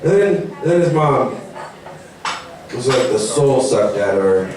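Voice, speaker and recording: A young man doing a stand-up comedy set. He talks in a rambling, animated way and mocks people in put-on voices. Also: mid-range voice, unhurried, crowd noise. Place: comedy venue. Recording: very echoey room, mic far off.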